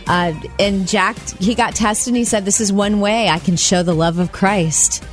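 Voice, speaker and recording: A woman co-hosting a radio show, swapping stories in easy, casual chat. Her pitch sits in the middle for a woman, and she laughs often and breaks into giggly asides. A faint music bed runs quietly underneath. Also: steady tone, normal speed. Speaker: radio co-host.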